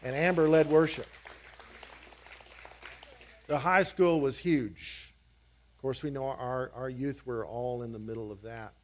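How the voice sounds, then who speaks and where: A man's voice: mid-range voice, fairly even intonation, unhurried, pauses often, slight background noise. A male pastor encouraging his congregation and giving church announcements. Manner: encouraging, declarative.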